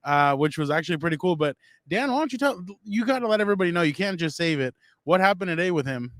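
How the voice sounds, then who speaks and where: A man with a slightly high voice talks fast and eagerly, stumbling over the starts of his sentences. He is chatting with his co-hosts on a sports podcast, recorded close and dry. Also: expressive, a bit bright, dry recording. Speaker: podcast co-host. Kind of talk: casual chat.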